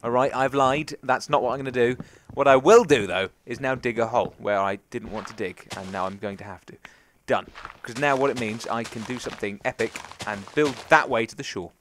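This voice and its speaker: Brisk and fairly bright, this young Englishman's mid-range voice carries his casual gameplay commentary over slight background noise. He's chatty and meandering, mostly talking to himself as he plays.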